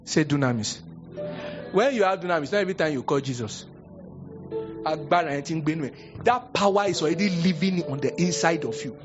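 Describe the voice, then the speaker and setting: Young Nigerian pastor, sermon, high voice swinging wide, dull lo-fi capture. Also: male voice, fairly quick, over music. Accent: Nigerian, Yoruba-speaking. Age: young adult. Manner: animated storytelling, acting out voices, sudden high exclamations.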